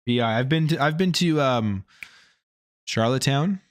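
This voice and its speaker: A man's voice: mid-range voice, lively intonation, moderate pace, no room sound, clean studio sound. A Canadian man with a Canadian accent hosting a casual livestream, rambling and thinking aloud as he chats with viewers, tired after a long workday. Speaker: gaming channel host.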